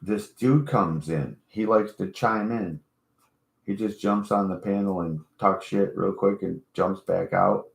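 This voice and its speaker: Casting: very low-voiced man, casual profane ranter, mocks others in retold quotes. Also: measured pace, vocal fry. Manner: profane, mocking, rambling storytelling. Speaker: channel host. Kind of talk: casual rant to camera.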